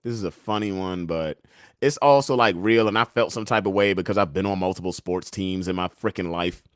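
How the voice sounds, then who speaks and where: A man's voice: deep voice, fairly quick, clean tone, no echo, clean studio sound. A young man hosting a casual livestream, reading the chat and memes aloud, joking and laughing often in a laid-back way. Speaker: livestream host.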